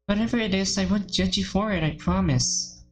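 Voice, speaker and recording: Brief: woman reading an exasperated teen schoolgirl, pitched up, blunt and scolding. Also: moderate pace, a little mellow, slight background noise, natural voice. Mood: coaxing. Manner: incredulous, scolding, then coaxing. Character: blunt, exasperated teenage girl club president.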